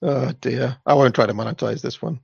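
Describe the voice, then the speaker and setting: Co-host man, gravelly, dry and halting reactions, muffled close mic. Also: medium pitch, fairly even intonation, background noise. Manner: dry, hesitant, with many uh fillers. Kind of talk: casual commentary.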